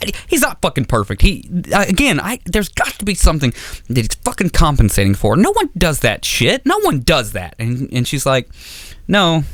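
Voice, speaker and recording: A man's voice: on the high side, wildly swooping pitch, normal speed, a bit bright, dry recording. A man doing stand-up comedy, telling a story in an exasperated, stammering, profane way, acting out both sides of a conversation. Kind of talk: stand-up routine. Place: comedy club stage.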